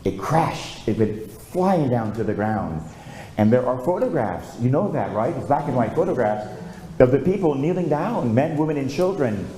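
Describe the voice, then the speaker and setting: Older man, priest preaching, lively storytelling voice, mellow tone, echoey room, faint background hum. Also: mid-range voice, moderate pace. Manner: storytelling, calls for amens. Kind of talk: sermon.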